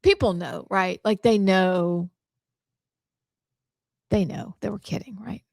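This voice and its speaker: A woman co-hosting a talk show, bantering in a playful, animated, teasing way. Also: mid-range voice, takes it slowly, gravelly, no echo. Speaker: co-host.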